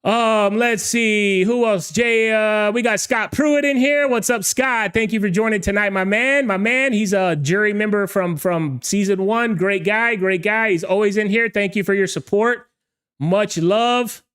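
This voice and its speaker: An excited male livestream host and DJ shouts greetings to his online viewers in energetic style. His high voice sounds smooth and clear at a measured pace, though he rambles and stumbles over words in his eagerness.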